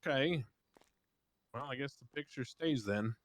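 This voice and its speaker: A man plays a stern judge in an online roleplay courtroom, pressing people with pointed questions. His voice sits at an everyday middle pitch. The sound is dry and close, with no room around it. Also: a little slow, no echo. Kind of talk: in-character roleplay banter.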